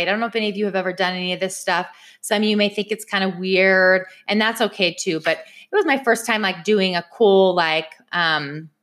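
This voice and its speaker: A woman's voice: on the low side, a bit bright. A young woman telling a personal story in a chatty way, speaking straight to her viewers. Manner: chatty, addresses viewers directly. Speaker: vlogger.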